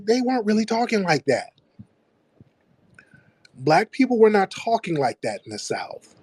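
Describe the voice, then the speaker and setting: A man's voice: on the high side, a little mellow, dry recording. A man hosting his own radio show, lecturing the audience in an emphatic monologue and repeating phrases to drive points home. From United States.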